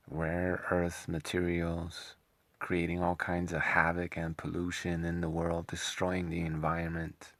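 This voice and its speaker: A man's voice: low-pitched, fairly bright tone, no room sound. A man putting on a sneering parody of a smug, self-righteous male vegan who brags about being ethical.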